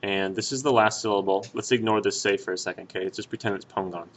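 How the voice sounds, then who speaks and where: A man's voice: on the low side, fairly even intonation, quick pace. A man teaching Spanish grammar, explaining step by step in a patient, casual way with frequent fillers and restarts.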